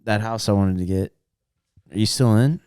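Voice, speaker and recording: A young man with a low, smooth, resonant voice joins in on the podcast with dry, teasing banter. He is recorded close and dry, with no room sound around him. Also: moderate pace, a little mellow, no room sound. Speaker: podcast co-host. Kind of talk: casual chat.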